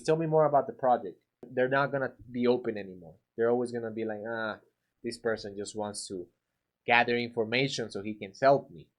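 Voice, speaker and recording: A man coaching painters on sales in a relaxed, conversational way. He often slips into acted sample lines and fills his speech with casual fillers. His voice sits at an ordinary middle pitch. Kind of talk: casual instructional talk to camera.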